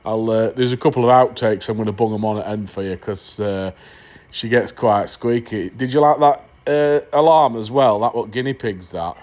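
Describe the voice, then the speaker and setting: A man's voice: lowish voice, normal speed, darkish tone. A middle-aged man, chatting casually to camera on his model railway vlog, jokey and in mock outrage, dropping "the" from his sentences.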